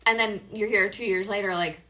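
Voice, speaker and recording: Hosting an affiliate marketing live stream, this woman speaks in a mid-range voice that is steady, a little fast, bright and forceful. Her replies to viewer questions are chatty and upbeat, peppered with fillers and corrections of herself.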